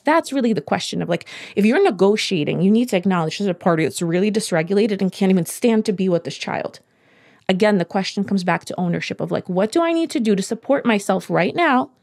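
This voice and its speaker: Steady, emphatic woman guest coach. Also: medium pitch. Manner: steady, emphatic, repeats key points. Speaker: podcast guest, healing coach. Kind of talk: explaining in conversation.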